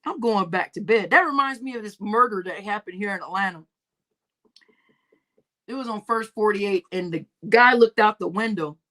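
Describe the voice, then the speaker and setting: Bright-voiced woman chatting on a livestream. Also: mid-range voice, normal speed, long pauses. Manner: laughing, profane, storytelling with acted quotes. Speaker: livestream host. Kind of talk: casual livestream chat reading comments.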